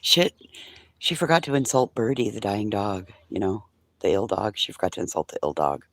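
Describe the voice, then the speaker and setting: Low-voiced guy doing his morning stream chat, sarcastic and sweary, whispers his asides. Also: sing-song, normal speed, creaky. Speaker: livestream host. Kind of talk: casual morning chat with viewers.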